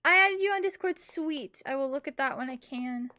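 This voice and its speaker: Bubbly young woman streamer, high voice. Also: lively intonation, normal speed, sharp tone. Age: young adult. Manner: chatty, bubbly, talks to chat while playing. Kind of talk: casual game commentary. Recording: faint game music behind.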